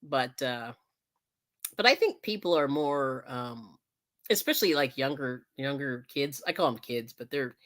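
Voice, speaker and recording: A woman's voice: extremely low pitch, lively intonation, a little slow, fairly bright tone. A woman hosting a casual live stream, chatting, laughing often and thanking viewers as she crafts. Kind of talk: casual chat while crafting.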